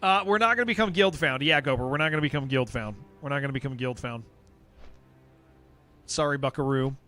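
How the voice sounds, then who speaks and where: While streaming an online game, a man chats casually with viewers in a rambling way, frequently repeating himself and replying to chat. His voice is medium-pitched, a little fast, and sharp in tone, with faint music behind him.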